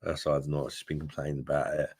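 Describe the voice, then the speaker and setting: A deep, low-voiced man chatting on a live stream, rambling and laughing often between thoughts. The sound is dry and close, with no room echo. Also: level tone, fast, darkish tone, slightly rough. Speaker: beer review channel host. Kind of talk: casual live-stream chat with viewers.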